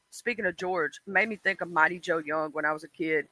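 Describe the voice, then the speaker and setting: A man's voice: a little high, a little fast, few pauses, bright, forceful tone, no echo, low-quality recording. A man hosting a stream, chatting casually and rambling with lots of ums and "you know"s, laughing as he tells childhood stories. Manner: laughs and acts out childhood voices. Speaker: stream host. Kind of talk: casual chat.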